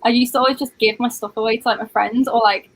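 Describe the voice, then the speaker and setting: Chatty British woman, bright higher voice. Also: fairly even intonation, quick pace, rough recording. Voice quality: chatty, filler-heavy, often says "like". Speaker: livestream host. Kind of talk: casual livestream chat.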